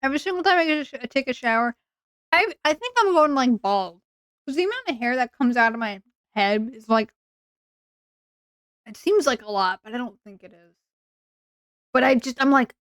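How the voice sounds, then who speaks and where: Woman streamer, casual live chat, rambling, self-mocking, smooth voice, dry close mic. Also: high-pitched, lively intonation, a little fast, pauses often, no room sound. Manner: playful, rambling and self-mocking, with sudden loud whiny bursts.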